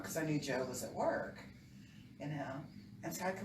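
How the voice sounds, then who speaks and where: A woman's voice: low-pitched, normal speed. Laughing storytelling woman, roomy distant mic. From Oklahoma. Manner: storytelling, laughs often, playful. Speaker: co-host. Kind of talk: casual chat. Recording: roomy, distant mic, clear background noise.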